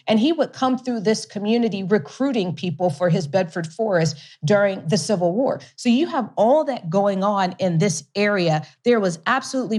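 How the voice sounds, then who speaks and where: A woman being interviewed, telling a long story with lively energy. She laughs often between phrases and doubles up words for emphasis. Her voice sits at a middle pitch, neither high nor low. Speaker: guest, company CEO.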